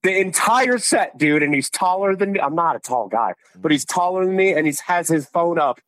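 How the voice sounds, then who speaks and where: A man's voice: on the high side, expressive, normal speed, fairly bright tone, dry recording. A man as a guest on a casual chat, blunt and slangy, often saying dude. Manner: blunt, slangy, says dude and bro a lot.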